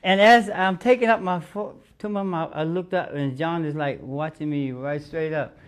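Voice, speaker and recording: Guy telling a story on a studio talk show, kinda high voice, does all the voices and laughs a lot. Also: moderate pace. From United States. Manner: animated, acts out quotes, laughs often. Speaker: guest musician. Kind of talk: casual storytelling.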